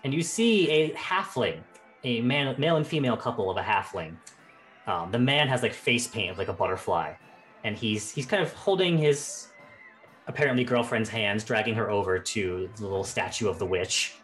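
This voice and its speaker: A man running a tabletop game as game master, narrating in an animated, rambling way with lots of fillers. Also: on the low side, moderate pace, faint music behind.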